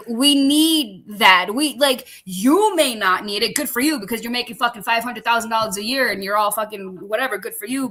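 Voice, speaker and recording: Bright, profane, animated woman. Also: a little high. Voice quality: bright, expressive, swears freely. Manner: acts out both sides of conversations, laughs often. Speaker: veterans director, guest. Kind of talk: profane animated storytelling and ranting.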